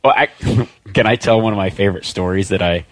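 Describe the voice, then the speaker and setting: A low-voiced man spins a hunting yarn with energy, jumping into the voices of the people in his story. The sound is dry and close, with no room around him. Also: fairly quick, no echo. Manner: animated storyteller, acts out quoted voices. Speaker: podcast guest. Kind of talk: casual storytelling.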